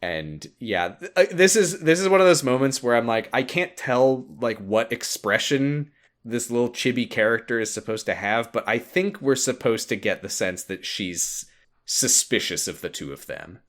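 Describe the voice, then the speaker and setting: A young man co-hosting a casual chat, retelling a game's story with lively jumps into voices and frequent laughs. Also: mid-range voice, normal speed. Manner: animated, jumps into voices for quoted lines, laughs often. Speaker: podcast co-host recapping a game story.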